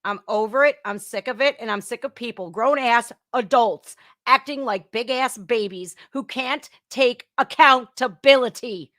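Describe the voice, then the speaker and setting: A woman's voice: a little high, measured pace, few pauses, dry recording, studio quality. A woman hosting a reaction podcast, talking bluntly and scolding what she watches. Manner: blunt, scolding, laughs loudly. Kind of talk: casual commentary reacting to a video clip.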